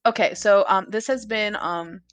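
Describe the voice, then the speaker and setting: Young female co-host, casual and sweary, giggly, mid-pitched, dry close mic. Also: moderate pace, no room sound. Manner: chatty, swears freely, laughs often. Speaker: podcast co-host. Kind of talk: casual chat.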